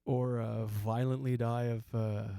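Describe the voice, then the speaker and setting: A man's voice: mid-range voice, flat delivery, measured pace, vocal fry, mellow, clear, resonant tone, no echo. A man in his forties telling a comic story, rambling and self-mocking, with lots of restarts and asides. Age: 40s. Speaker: comedian host. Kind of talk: comedic storytelling monologue.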